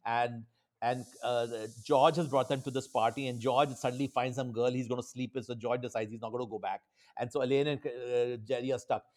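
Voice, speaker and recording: A man telling stories with enthusiasm in casual chat, with many halting restarts and fillers. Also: mid-range voice, steady tone, a little mellow.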